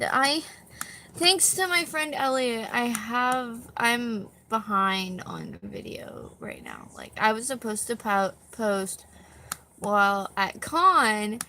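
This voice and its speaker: A woman's voice: a little high, sing-song, slow pace, bright, forceful tone, a little hiss or hum. Rambling, tired young woman live streaming. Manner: rambling, self-deprecating, swears casually. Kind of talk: casual live stream chat. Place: at home with a dog on her back.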